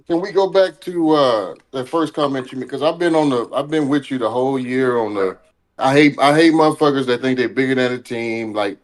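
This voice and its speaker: A man's voice: mid-range voice, fairly quick. A man co-hosting a sports talk show, chatting loosely in slang with some hesitation. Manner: laid-back, slangy, hesitant. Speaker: co-host. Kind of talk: casual sports chat.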